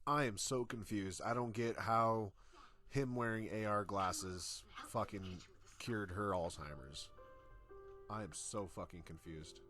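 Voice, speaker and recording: A man's voice: lowish voice, takes it slowly, fairly bright tone, soft background music. A young man giving a profane, sarcastic rant as a YouTube reviewer. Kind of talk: ranting commentary.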